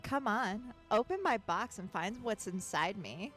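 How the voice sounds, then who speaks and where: A sultry male cereal-box mascot from a dating game purrs suggestive lines, as a woman reads him aloud. The voice is bright and swoops up and down with exaggerated flirtation. Soft music plays faintly behind. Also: mid-range voice, animated, unhurried. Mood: mock seductive. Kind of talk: mock-seductive dating sim reading.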